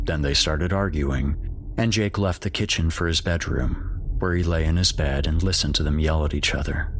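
A man narrating a scripted horror story in a steady, measured way. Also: sits low, slight background noise.

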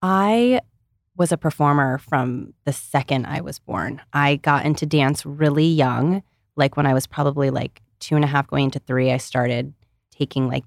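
A woman in her thirties from Ohio chats casually as a podcast guest, bubbly and full of "like" fillers. Her voice is low-pitched and gravelly, recorded in a clean studio with no room sound.

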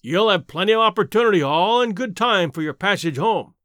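A man's voice: sits high, lively intonation, brisk, a bit bright, no room sound, clean studio sound. A man reading a story voices a stern frontier policeman who growls his words.

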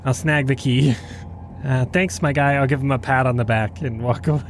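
A man playing a tabletop game, friendly and quick with quips. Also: mid-range voice, fairly even intonation, slight background noise. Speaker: player. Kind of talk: casual tabletop play.

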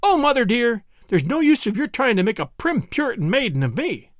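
A man voicing a spirited young woman who is excitable and in love, speaking in breathless, eager exclamations. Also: very high-pitched, a little fast, no echo, studio quality, voice pushed up. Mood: excited.

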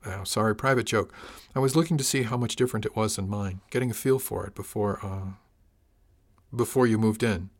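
A man's voice: fairly low pitch, a little fast. A man voicing a frank, teasing female ship's officer in an audiobook reading.

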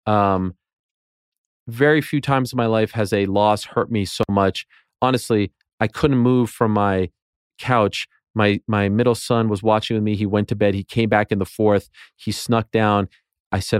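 A man's voice: lowish voice, fairly even intonation, normal speed, clear, resonant tone, no echo, clean studio sound. A man in his late thirties, a podcast guest in casual sports chat, talking with passion and building into rants. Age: late 30s. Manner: passionate, rants with rising intensity.

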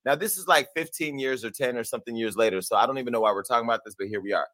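A man hosting a celebrity gossip show, talking in a sassy, profane and animated way and laughing at his own jokes. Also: mid-range voice, very fast, no echo. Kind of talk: brash gossip commentary.

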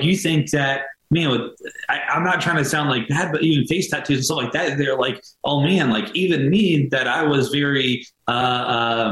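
A man's voice: fairly high pitch, fairly bright tone, echoey room, poor audio. An American man, a veteran, talking in a heartfelt, rambling way with many fillers and restarts. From United States. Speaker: veteran and nonprofit co-founder, guest. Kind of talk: casual earnest interview talk.

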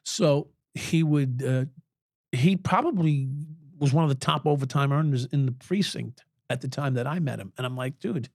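A man's voice: medium pitch, normal speed, a little mellow, no room sound. Older guy, ex-cop, telling war stories on a podcast, cusses a lot, chuckles, dead dry studio sound. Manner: blunt, swears freely, chuckles through stories. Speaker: guest, former police officer. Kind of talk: candid conversational storytelling.

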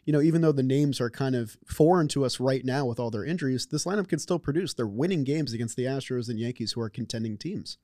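A man's voice: mid-range voice, fast, hardly any pauses, warm tone, no room sound, studio quality. A man filling in as co-host on a sports talk show, giving long analytical takes with some stumbles. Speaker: guest co-host.

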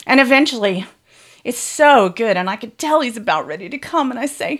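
A woman's voice: a little high, expressive, a little fast. Frank, bawdy woman telling a comic story. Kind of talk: first-person storytelling.

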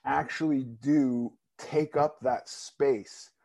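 A man's voice: mid-range voice, steady tone, slow pace, gravelly, darkish tone. A man in a casual podcast conversation, talking in a loose, rambling, self-mocking way.

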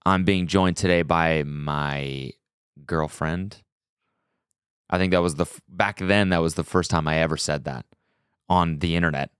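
A man's voice: deep voice, smooth, no room sound. A man hosting his own podcast in casual chat, loose and joking, with lots of fillers and restarts, recorded on a small studio set. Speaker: podcast host. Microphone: studio podcast mic.

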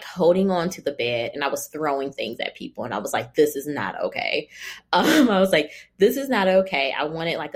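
A young woman casually telling her birth story, chatty and laughing often as she acts out what people said. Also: low voice.

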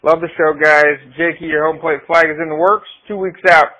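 A man's voice: on the high side, steady tone, a little fast, bright, forceful tone. A man leaving a chatty, self-deprecating voicemail for a podcast. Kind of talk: voicemail message. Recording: tinny phone voicemail.

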